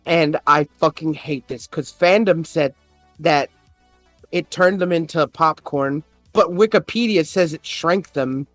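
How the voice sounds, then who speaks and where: A man's voice: fairly high pitch, a little slow, a bit bright, dry recording, faint music behind. A man on a podcast, casually telling a story, swearing often and getting worked up as he retells an argument. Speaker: podcast host. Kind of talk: casual chat.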